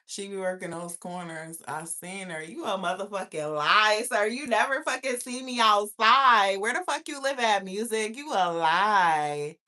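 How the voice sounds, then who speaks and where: A woman hosting a casual livestream, animated and profane, preaching and answering chat comments. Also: mid-range voice, unhurried, few pauses. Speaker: livestream host.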